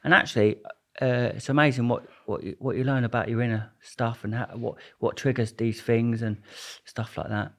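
Brief: male guest, casual storyteller, rambles and jokes, mid-pitched. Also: steady tone, normal speed, few pauses, a bit bright. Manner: rambling, jokey, restarts a lot.

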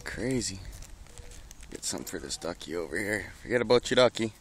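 Excited swearing man talking to birds. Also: deep voice, a little fast, slight background noise. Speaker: vlogger filming birds. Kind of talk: casual vlog narration. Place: outdoors by water with birds.

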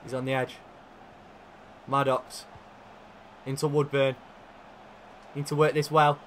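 A young man commentating his own football video game career with lively, animated energy and sudden shouts. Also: mid-range voice, slow pace, slight background noise. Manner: animated, shouts at big chances. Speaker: gaming YouTuber. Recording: faint guitar music behind.

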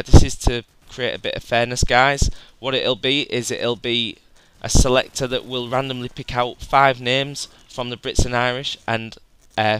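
Bright, crisp gaming host. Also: male voice, medium pitch. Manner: chatty, rambling, says "guys" often. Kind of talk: gameplay voice-over commentary.

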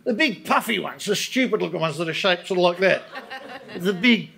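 Man, stand-up comic, high voice, dry wry storytelling, faint background noise. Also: fairly quick, creaky. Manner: deadpan, wry storytelling with asides. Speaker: stand-up comedian guest. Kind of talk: stand-up comedy routine. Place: on stage before a live audience.

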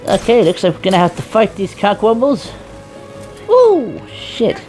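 A woman giving loud, profane, playful let's-play commentary. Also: medium pitch, brisk. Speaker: gaming streamer. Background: game music.

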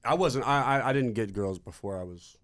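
A young man talking casually as a podcast guest, rambling through a story with halting restarts and fillers. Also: mid-range voice, a bit bright, slight background noise. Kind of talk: casual chat.

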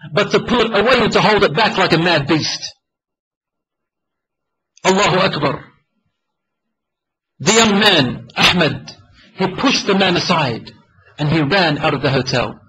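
Man preaching, telling a story with lots of feeling, high bright voice. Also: a little hiss or hum, low-quality recording. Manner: emotional, dramatic retelling with acted quotes. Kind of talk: sermon storytelling.

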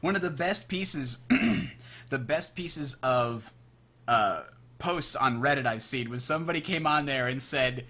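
A man co-hosting a casual gaming podcast, telling animated stories and acting out the lines he quotes. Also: mid-range voice, a little slow. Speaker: podcast co-host.

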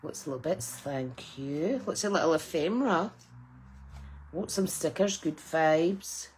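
A woman's voice: low-pitched, a little slow, darkish tone, poor audio. A middle-aged woman, chatting casually and exclaiming with delight as she unboxes craft gifts. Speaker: craft channel host.

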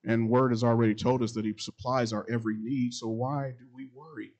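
A middle-aged man, a pastor, preaching a sermon that repeats its phrases and swings between loud and quiet passages. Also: medium pitch, steady tone, brisk, dull audio.

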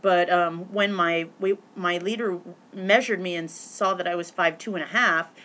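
A woman vlogging casually, rambling with many restarts and fillers, breaking into excitable bursts and swearing now and then. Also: lowish voice, normal speed.

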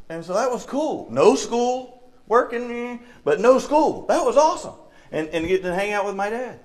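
A man's voice: sits high, lively intonation, normal speed, a little mellow. A middle-aged man with a Southern US accent preaching a church sermon, telling stories from his childhood and acting out the people in them. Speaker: lay preacher. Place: church sanctuary.

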